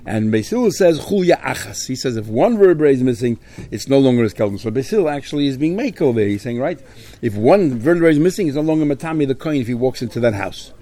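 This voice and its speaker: A man's voice: medium pitch, animated, quick pace, warm tone. A man teaching a Talmud lesson, explaining step by step and weaving Aramaic and Hebrew terms into his English. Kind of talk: Talmud study lecture.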